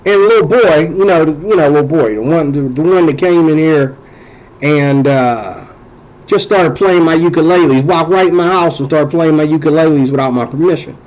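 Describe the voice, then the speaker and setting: The audio has a darkish tone with the highs cut off, carrying a fairly high-pitched man's voice at normal speed. He's hosting an easygoing, meandering monologue, chatting loosely and repeatedly restarting and going back over his phrases.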